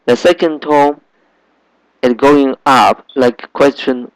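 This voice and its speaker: A man gives a slow, careful language lesson. He speaks at an unhurried pace and patiently repeats each sound for his learners. His voice sits in a middle pitch and is recorded dry and close. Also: no room sound, poor audio. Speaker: Chinese language teacher.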